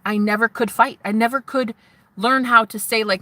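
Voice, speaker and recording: Bright-voiced woman rambling on a livestream. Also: fairly high pitch, fairly even intonation, normal speed, no room sound. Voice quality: rambling, dreamy, swings from giggly to hushed. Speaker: livestream host. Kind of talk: rambling live-stream chat.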